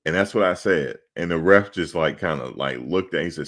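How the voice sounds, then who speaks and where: A middle-aged man with a very low, deep voice tells casual, animated stories. He gets loud and emphatic, swears freely and acts out the other people in his stories. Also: moderate pace. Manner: loud, emphatic, profane, acts out quoted exchanges. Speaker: sports show host.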